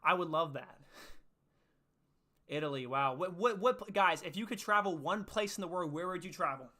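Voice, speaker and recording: A man's voice: high-pitched, lively intonation, moderate pace, sharp tone. A young man hosting a casual faith livestream, upbeat and chatty, reading and answering viewers' chat. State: out of breath after push-ups. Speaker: livestream host.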